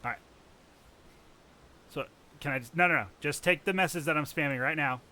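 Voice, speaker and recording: A man's voice: a little high, fairly quick. A man streaming live, chatting casually with loose, profane humor. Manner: relaxed, profane and laughing.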